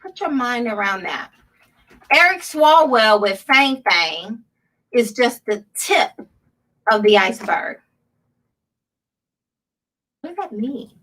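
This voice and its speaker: A woman's voice: fairly high pitch, very animated, takes it slowly, pauses often, fairly bright tone, recorded from a distance, rough recording. A woman hosting a political commentary show, sarcastic and laughing often as she reads headlines aloud. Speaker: show host.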